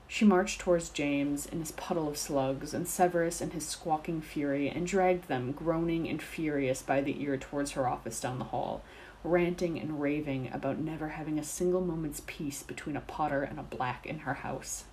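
Low-voiced woman reading a story. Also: normal speed, a little hiss or hum, rough recording. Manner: steady, descriptive narration. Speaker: narrator. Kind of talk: reading fan fiction aloud.

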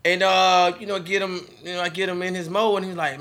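A man in his thirties telling stories in a casual group chat, animated and repeating words as he gets going. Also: high-pitched, brisk. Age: 30s. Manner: animated storyteller, repeats words when excited.

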